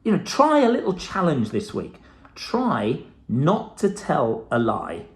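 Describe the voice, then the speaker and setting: A man's voice: on the high side, huge pitch swings, slow. A middle-aged man giving a blunt, profane motivational talk to camera, with the odd laugh. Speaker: self-help vlogger.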